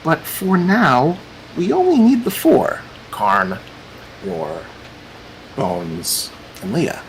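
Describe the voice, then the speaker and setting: A man's voice: on the high side, sing-song, extremely slow, a little hiss or hum, low-quality recording. Chatty man hosting a tabletop game. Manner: chatty, meandering, repeats "cool". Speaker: game master.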